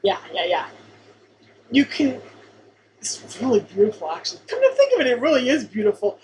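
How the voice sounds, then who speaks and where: A woman co-hosting a podcast in casual chat, quick to agree and laugh, with playful commentary. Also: on the high side, wildly swooping pitch, a little mellow, slight background noise, rough recording. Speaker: podcast co-host. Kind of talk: casual chat reviewing a sitcom episode.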